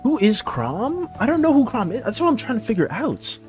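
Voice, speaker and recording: A man's voice: extremely high pitch, huge pitch swings, a little fast, faint music behind. A man streaming while drawing, chatting casually with his audience in a dramatic, playful way and laughing often. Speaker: art streamer. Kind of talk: casual live-stream chat.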